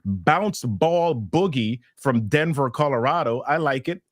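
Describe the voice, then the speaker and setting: A man's voice: mid-range voice, a little slow, no echo, clean studio sound. Hyped-up male live-stream host. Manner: energetic, excitable, reading out chat names.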